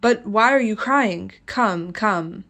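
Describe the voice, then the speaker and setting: Woman reading as a calm, coaxing husband. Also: mid-range voice, takes it slowly. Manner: steady, reassuring, coaxing. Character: calm, patient husband calling after his frightened wife.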